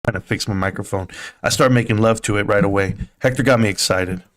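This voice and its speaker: A man putting on a low sultry seducer voice. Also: fast, fairly bright tone, natural voice. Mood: mock seductive. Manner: breathy mock-seductive murmur.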